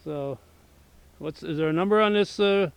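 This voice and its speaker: A man with a gravelly, slightly high voice hosts a relaxed outdoor interview. He leads his guest along with easy questions and short prompts, keeping the talk loose and friendly. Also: moderate pace, no echo, rough recording. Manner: easygoing, chuckling interviewer asking leading questions. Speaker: local cable show host. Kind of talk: casual interview. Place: outdoors at a rural home.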